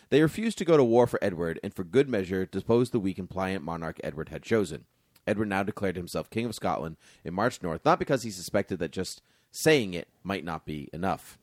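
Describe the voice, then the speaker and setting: A man hosting a casual chat, reading aloud from a history book with jokey, animated asides. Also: deep voice, brisk, no room sound, clean studio sound. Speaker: podcast host.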